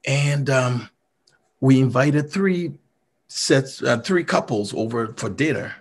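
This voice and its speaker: A man's voice: mid-range voice, lively intonation, slow pace, breathy edge. A middle-aged man from Liberia with a Liberian accent gives an earnest, motivational storytelling talk. He sometimes repeats words to press a point. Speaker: mayor giving a talk.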